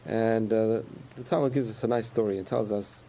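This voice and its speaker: Man, mellow gravelly voice, easygoing chatty preacher with a little background hiss. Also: lowish voice, steady tone, brisk. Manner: conversational, repetitive, chuckles often. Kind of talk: sermon.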